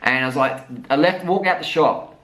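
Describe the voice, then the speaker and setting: A man's voice: on the high side, moderate pace, a bit bright, rough recording. Man, Australian accent, thirties, vlogger, profane, emphatic, storytelling. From South Australia. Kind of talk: motivational rant and storytelling.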